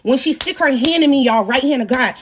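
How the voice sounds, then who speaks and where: A young woman in her twenties hosting a livestream, telling a story casually in animated, slangy talk and joking with her viewers. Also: high-pitched, brisk, a little hiss or hum. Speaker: live-stream host.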